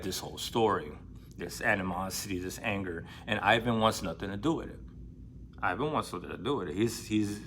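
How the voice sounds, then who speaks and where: A man casually retelling a novel, swearing freely and acting out characters' lines with excitement. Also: fairly low pitch, slight background noise. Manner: profane, excitable, acts out quoted lines in a raised voice. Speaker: book vlogger.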